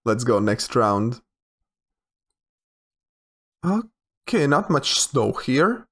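Young man, unhurried drawl, thinking aloud, repeats himself, casual game commentary. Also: medium pitch, big pitch swings, a bit bright. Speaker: game streamer.

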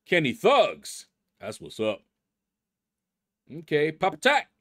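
A man's voice: a little high, wildly swooping pitch, slow, fairly bright tone. A middle-aged man hosting a gaming channel, casually reading out leaderboard names and musing aloud as he stumbles over them.

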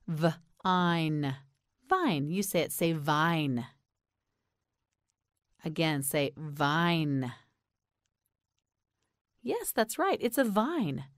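American woman teacher drilling words super slow, lowish voice, patient. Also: no echo, studio quality. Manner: slow, carefully enunciated, patient prompting. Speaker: English pronunciation teacher. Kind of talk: slow repeat-after-me pronunciation drill.

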